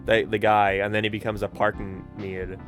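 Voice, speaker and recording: A man's voice: on the low side, level tone, normal speed, soft background music. A man co-hosting a podcast in casual chat, rambling and swearing casually. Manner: rambling, many fillers and restarts, swears casually. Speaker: podcast co-host.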